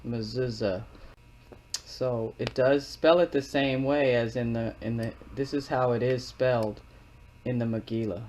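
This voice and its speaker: In a living room with wooden walls, this man reads scripture for his channel and fills the gaps with earnest, meandering commentary, repeating words while he explains. His medium-pitched voice is steady and darkish, at normal speed, with slight background noise.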